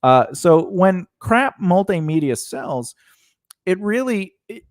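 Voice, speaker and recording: A man's voice: high-pitched, very animated, takes it slowly, dry recording, studio quality. A man co-hosting a home podcast, chatting casually in a rambling way and breaking off to talk to his dog. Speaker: podcast co-host. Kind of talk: casual chat.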